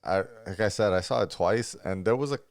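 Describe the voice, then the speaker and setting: A man's voice: deep voice, fairly quick, no room sound. A man co-hosting a casual podcast, speaking hesitantly and restarting his sentences. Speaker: podcast co-host. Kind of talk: casual review chat.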